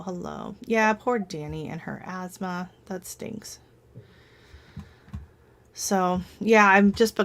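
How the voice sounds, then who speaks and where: Chatty, rambling woman with a lower voice. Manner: rambling, chatty storyteller with frequent laughs. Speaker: live stream host. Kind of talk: casual live-stream chat.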